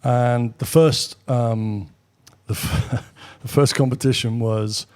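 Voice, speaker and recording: A middle-aged British man, a guest on an interview show, telling anecdotes casually with quick asides and the odd swear. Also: mid-range voice, steady tone, darkish tone. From Britain. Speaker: guest, former military pilot. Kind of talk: casual storytelling.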